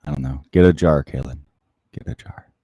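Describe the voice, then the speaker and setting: A man hosting a casual livestream, chatting softly and closely into the microphone as he answers viewer comments. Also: rumbling low, moderate pace, no echo, muffled recording. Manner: soft-spoken, close to the mic. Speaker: livestream host.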